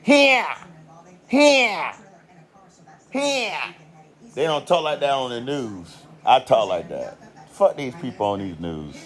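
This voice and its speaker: A man's voice: mid-range voice, expressive, moderate pace. A man with an American country accent ranting in a heated, profane monologue. He swears constantly and repeats himself for emphasis. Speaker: commentator.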